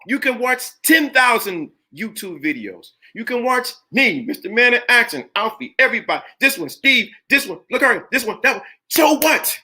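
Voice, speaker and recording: Here is a middle-aged man with a high, bright voice giving a motivational talk live to his viewers. He is preachy and emphatic, hammering each point with repeated phrases, and his voice sits well above the usual male range. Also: sing-song, moderate pace, hardly any pauses, slightly rough. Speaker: live stream host.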